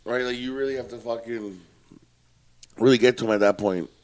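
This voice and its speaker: Blunt, profane former bouncer telling stories. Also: male voice, medium pitch, fairly quick. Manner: blunt, profane, tells tough-guy stories. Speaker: podcast co-host, former bouncer. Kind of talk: casual storytelling chat.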